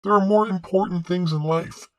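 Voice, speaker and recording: An actor playing a male cult leader on a talk show, who rambles in a calm, self-assured and surreal way. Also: high voice, normal speed, dry recording, natural voice. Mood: serene, rambling.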